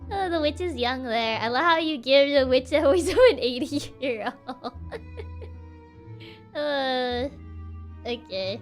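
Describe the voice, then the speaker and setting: A woman's voice: high-pitched, takes it slowly, long pauses, faint music behind. A young woman streamer telling a story on a livestream in a playful, giggly, chatty way.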